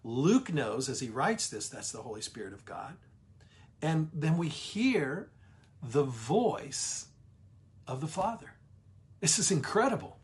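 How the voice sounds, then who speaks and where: A man's voice: fairly high pitch, very animated. Emphatic man teaching Bible study. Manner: emphatic, slows down on key words, greets online viewers.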